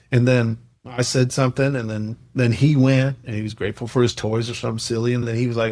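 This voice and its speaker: A man's voice: mid-range voice, fast talker, few pauses. Earnest man telling a story on a podcast. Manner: earnest, animated storyteller acting out dialogue. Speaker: podcast host sharing a coaching program. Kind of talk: casual podcast chat, storytelling.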